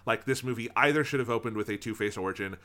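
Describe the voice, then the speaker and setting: Bright-voiced man riffing on a film. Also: mid-range voice, fast. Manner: animated, swearing, acts out movie lines. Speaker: podcast co-host. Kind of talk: casual film review chat.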